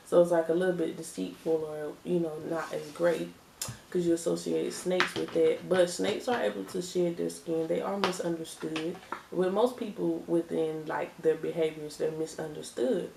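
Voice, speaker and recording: A woman's voice: on the low side, steady tone, moderate pace, gravelly, darkish tone, slight background noise. A woman giving a casual tarot reading, chatty and emphatic, repeating her phrases and laughing often. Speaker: tarot reader. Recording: echoey room, distant mic.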